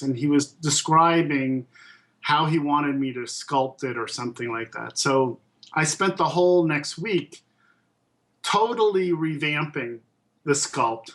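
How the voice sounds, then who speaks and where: A man's voice: a little high, unhurried, a bit bright, poor audio. A man in his fifties, a puppet and toy designer, telling stories in a casual interview with many ums and restarts. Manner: thoughtful, with frequent ums and restarts.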